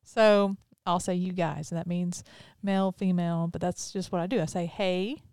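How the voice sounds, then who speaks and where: Host: woman, Southern accent with Northern touches, mid pitch, crisp, chatty. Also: steady tone, moderate pace, darkish tone, dry recording, clean studio sound. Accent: Mississippi Southern with some Northern. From Mississippi. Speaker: podcast host. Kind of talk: casual chat.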